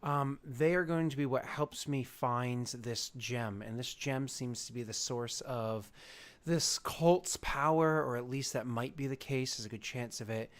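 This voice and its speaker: A man's voice: mid-range voice, a little slow, lightly acted. A man playing a long-winded polite scholar. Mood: courteous. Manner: wordy and formal. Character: verbose polite male scholar, studious.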